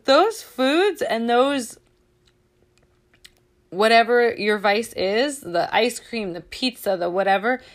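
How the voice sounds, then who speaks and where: A woman's voice: on the high side, slow, long pauses. Candid, chatty woman host. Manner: candid, chatty, swears freely, laughs often. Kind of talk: casual motivational chat.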